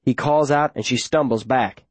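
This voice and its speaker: A man narrating a story in the first person, steady and plain, with rural grammar. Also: mid-range voice, moderate pace, dry recording. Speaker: audiobook narrator.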